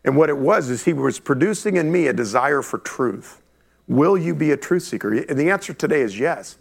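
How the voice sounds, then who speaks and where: Middle-aged pastor guy preaching, gravelly voice, a bit high, super animated with the crowd. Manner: animated, talks straight to the congregation with quick asides. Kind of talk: lively sermon. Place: church before a congregation.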